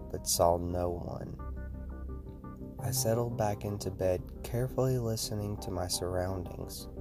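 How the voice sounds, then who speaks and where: A man with a very deep voice reads a scripted, first-person horror story aloud. His delivery is steady, and music plays steadily behind the narration.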